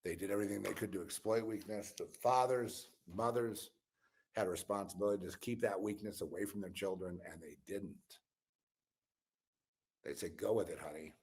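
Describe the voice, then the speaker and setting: Weary low-voiced man musing aloud. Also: normal speed, breathy edge. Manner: meandering, musing, drops into low mutters and whispers; weary, exasperated. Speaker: channel host. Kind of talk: rambling spiritual and political monologue.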